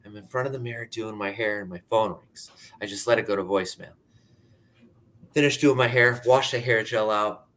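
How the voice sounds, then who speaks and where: A man's voice: fairly low pitch, normal speed, a bit bright. A man in his thirties from Pennsylvania, telling his personal story in a candid, conversational way, often saying "like". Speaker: speaker sharing his story.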